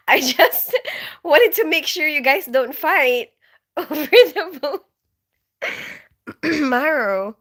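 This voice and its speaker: Filipino woman in her forties, livestream host, unhurried, somewhat high voice, giggly storyteller. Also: expressive, a bit bright. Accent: Filipino English. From Philippines. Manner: chatty storyteller, giggles often, reads chat comments. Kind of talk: casual livestream chat.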